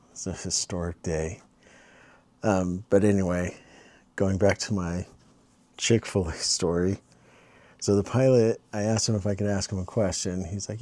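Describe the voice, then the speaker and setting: Male vlogger, low-pitched, slow and meandering, casual storyteller. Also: warm tone, dry recording. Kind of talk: casual late-night vlog chat.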